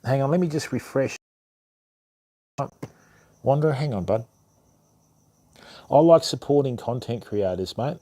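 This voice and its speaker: A man's voice: mid-range voice, lively intonation, unhurried, pauses often, dark tone. An Australian man hosting a fishing channel, chatting casually with viewers, calling everyone mate and bud, with lots of ums. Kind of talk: casual live stream chat with viewers.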